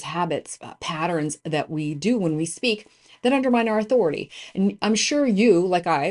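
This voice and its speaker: A woman hosting a podcast, introducing the episode and her guest, stressing words with higher, louder bursts. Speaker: podcast host.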